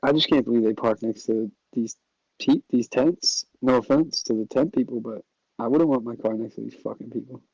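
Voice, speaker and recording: A podcast guest with a creaky, darkish, medium-pitched voice chats loosely, laughing often and swearing a lot with halting restarts. The audio is dull with no room sound.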